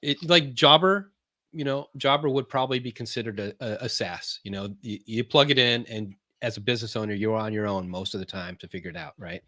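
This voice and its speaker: A man speaking as a podcast guest about his marketing business, talking casually, often pausing on fillers and restarting sentences. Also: lowish voice, sharp tone, no echo, studio quality. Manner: halting, many fillers and restarts; explains in plain, loose terms.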